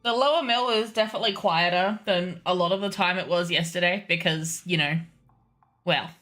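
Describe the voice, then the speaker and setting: A woman's voice: on the low side, sharp tone. A woman running a tabletop game on stream as game master, chatty and giggly, switching between casual asides and narration.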